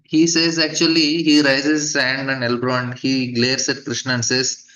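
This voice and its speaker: A man teaches a scripture class and tells its story in a halting way, full of fillers and restarts. The recording is dull and lo-fi. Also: mid-range voice, flat delivery, sharp tone.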